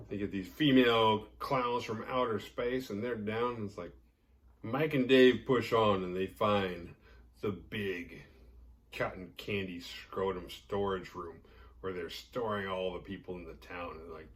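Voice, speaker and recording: A man's voice: lowish voice, a little slow, recorded from a distance. A man hosting a horror movie podcast, retelling a film's plot in a loose, rambling way, full of fillers and swearing. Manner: rambling, heavy filler "like", profane and jokey. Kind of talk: casual movie recap.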